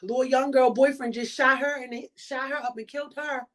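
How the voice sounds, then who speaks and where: A woman's voice: high-pitched, fairly even intonation, brisk. Emphatic woman podcast host, preaching. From Baltimore. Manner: preachy, emphatic, repeats points. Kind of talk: motivational monologue.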